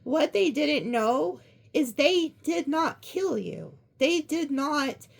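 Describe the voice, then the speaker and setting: A woman giving a casual tarot card reading, chatty and excitable, often gasping. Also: high voice, takes it slowly, vocal fry. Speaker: tarot reader.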